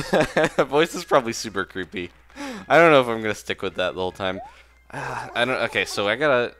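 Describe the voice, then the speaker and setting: A young man hosts a let's play, rambling casually over his gameplay, laughing a lot and second-guessing himself. His voice is deep and a bit bright, and he talks at a quick pace.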